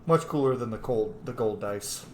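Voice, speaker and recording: A man's voice: fairly low pitch, normal speed, roomy sound, slight background noise. Chatty man commenting on a game. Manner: chatty, excitable, jokey. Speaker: gaming channel host. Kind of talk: casual let's-play commentary.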